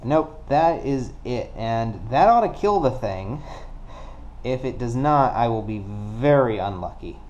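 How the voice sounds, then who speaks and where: A man casually narrating a solo card game play-through, working things out deliberately and counting dice aloud. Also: medium pitch, expressive, darkish tone, dull audio. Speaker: board game player.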